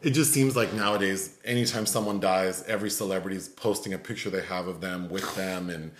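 A man co-hosting a podcast in casual chat, animated and quick to laugh and leap up in pitch when amused. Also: reverberant, slight background noise. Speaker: podcast co-host.

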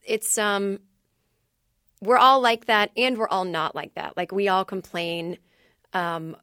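A woman's voice: medium pitch, fairly even intonation, pushed and bright, dry recording. Chatty woman telling stories in a dry studio. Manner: chatty, fast storytelling with many "like"s and acted-out quotes. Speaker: comedy writer and guest. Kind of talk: casual podcast interview.

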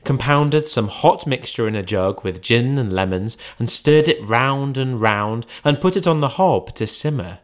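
A man reading a classic story aloud in a dramatic, theatrical storytelling style. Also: lowish voice. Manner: expressive, theatrical. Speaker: narrator.

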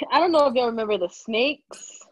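A young woman in casual chat, relaxed and candid, laughing often. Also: a little high, normal speed, no room sound. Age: young adult. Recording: dry, dull lo-fi mic.

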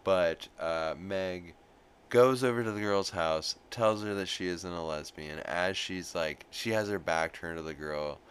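A man's voice: deep voice, a little slow, a bit bright, clear, resonant tone. A man hosting a podcast, casually recapping an episode in a rambling, profane way with lots of fillers.

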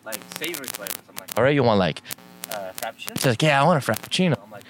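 A man's voice: mid-range voice, lively intonation, rapid-fire, slight background noise. A young man from the Middle East, hosting a casual chat and telling a story with lots of laughter, acting out both sides of the conversations. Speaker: podcast host telling a story.

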